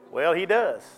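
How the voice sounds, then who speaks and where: High male voice, down-home church preacher, faint music bed. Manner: folksy, conversational preaching with call-and-response questions. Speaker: pastor. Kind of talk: sermon.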